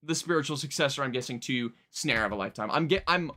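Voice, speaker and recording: A young man chatting casually on a live music-reaction stream, rambling, excitable, and swearing freely. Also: medium pitch, fast talker. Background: faint music playing.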